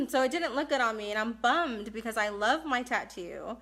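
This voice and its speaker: A woman's voice: fairly high pitch, animated, normal speed, a bit bright. A woman in her thirties from California, chatting bluntly and casually while answering viewer questions live, laughing often. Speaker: live-stream host doing Q&A.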